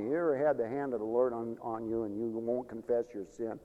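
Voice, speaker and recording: A man preaching a sermon, swinging between loud, drawn-out declaiming and low murmurs, with frequent chuckles. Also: fairly even intonation, in a large hall, rough recording.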